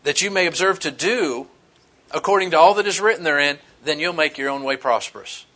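A middle-aged male pastor preaching with a bright, slightly raised voice. He swings between scripture and homespun stories with easy humor and animated emphasis. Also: on the high side, a little fast. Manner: animated, folksy storytelling with humor. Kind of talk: sermon.

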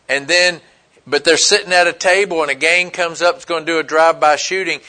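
A man's voice: fairly high pitch, sharp tone. A man preaching a sermon, telling a story in an emphatic, repetitive way. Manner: storytelling, emphatic, repeats phrases. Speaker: pastor.

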